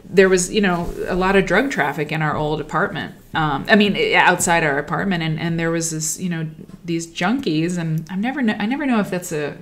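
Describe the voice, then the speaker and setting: Sewing at home, a woman hosts a casual livestream and tells stories in a rambling, reflective manner that often trails off. Her voice sits on the low side with a fairly bright tone, and she talks a little fast with few pauses.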